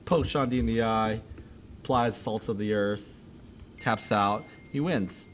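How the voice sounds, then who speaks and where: A man's voice: fairly low pitch, measured pace, a little hiss or hum. A man co-hosting a podcast, giving casual, emphatic opinions on wrestling storylines. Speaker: podcast co-host. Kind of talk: casual wrestling recap chat.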